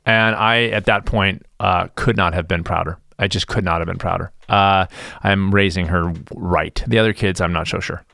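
A middle-aged man hosts his own podcast, rambling through a casual solo monologue full of jokes and mock-defensive asides. His voice sits low, steady, creaky, and bright, with a forceful tone at normal speed, and there's no echo.

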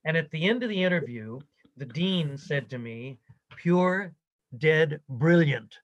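An older man, the interviewee, recounting his career story in a conversation, animated and quoting others as he goes. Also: a little high, normal speed, lo-fi sound.

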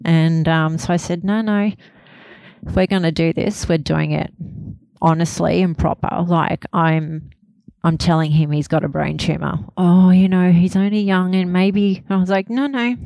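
Low gravelly woman, candid interview. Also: flat delivery, mellow, dry recording. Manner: candid, halting, laughs through pain. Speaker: interview guest, bereaved mother. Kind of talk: emotional personal interview.

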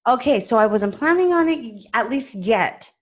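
A woman hosting a podcast, chatting casually and retelling a tense phone call with animated, lively delivery and plenty of "like"s. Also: on the high side, moderate pace. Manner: chatty, many "like"s and restarts. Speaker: podcast host and practice owner. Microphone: podcast microphone.

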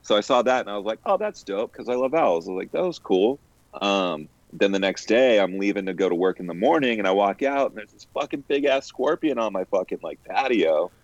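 Low-voiced man telling profane stories. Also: a little fast, hardly any pauses, no room sound. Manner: profane storytelling, animated quoted asides. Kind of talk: casual chat. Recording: dull lo-fi sound, dry.

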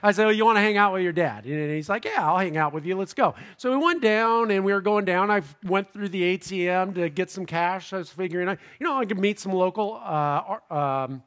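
His voice sits high and his delivery is brisk with few pauses as this middle-aged Southern California pastor preaches by recounting a lively personal story. He chuckles at his own jokes along the way.

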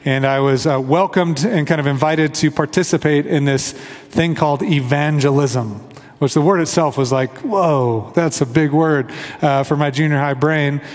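A man's voice: a little high, normal speed, big-room sound. A man from the Kansas City area, preaching a conversational sermon and leading prayer as pastor. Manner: earnest, conversational, acts out quoted voices. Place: church sanctuary.

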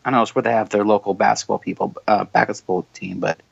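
A man guesting on a podcast, chatting easily and telling stories in an animated way. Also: on the low side, quick pace, gravelly, breathy edge, no echo, highs cut off. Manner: easygoing, animated storytelling, laughs often. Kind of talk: casual podcast chat.

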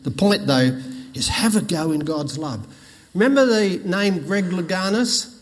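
A man's voice: high-pitched, animated, a little slow. An older man, preaching a sermon with folksy stories and jokes. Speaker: pastor. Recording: long reverb in a hall.

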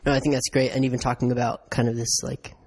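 A man's voice: medium pitch, flat delivery, quick pace, a little mellow. A man hosting a casual podcast conversation, listening attentively and then sharing his own reflections. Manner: attentive, frequent brief affirmations.

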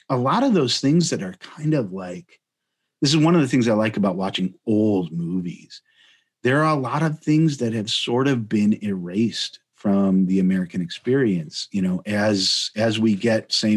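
A man's voice: on the low side, slightly rough. A man from Chicago hosting a casual podcast chat, rambling with many restarts. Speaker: podcast host.

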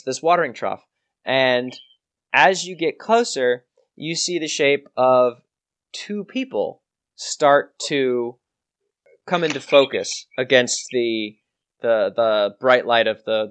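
A man narrating a tabletop game as game master, descriptive and unhurried with frequent restarts. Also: medium pitch, a bit bright.

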